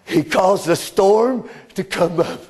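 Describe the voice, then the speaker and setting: Impassioned preacher, high voice. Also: male voice, slow. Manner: impassioned storytelling preacher, swinging between loud cries and hushed drops. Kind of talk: sermon.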